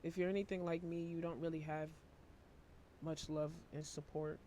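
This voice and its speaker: A worn-out man giving a casual tarot reading to camera, talking in a flat, low-energy monotone and swearing casually. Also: moderate pace, a little hiss or hum. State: emotionally worn out. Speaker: tarot reader.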